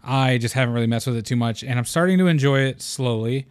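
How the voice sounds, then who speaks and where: A young man hosts his own podcast with a scatterbrained, excitable energy, rambling and swearing freely. His voice sits at an ordinary middle pitch. The sound is dry and close to the mic. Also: fast talker, smooth, no echo. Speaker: podcast host. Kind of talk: casual solo podcast chat.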